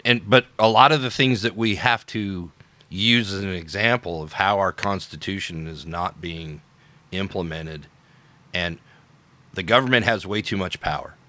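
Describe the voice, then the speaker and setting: A man's voice: lowish voice, bright, forceful tone, no echo. A man hosting an unscripted political podcast, talking in an opinionated, sarcastic way with emphatic repetitions. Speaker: podcast host.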